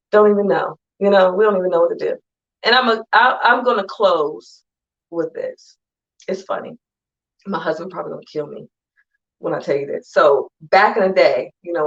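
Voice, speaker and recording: A woman's voice: medium pitch, highs cut off. A woman speaker giving a conversational, emphatic motivational talk to an online audience. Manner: conversational and emphatic, acting out friends in quick asides. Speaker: conference speaker.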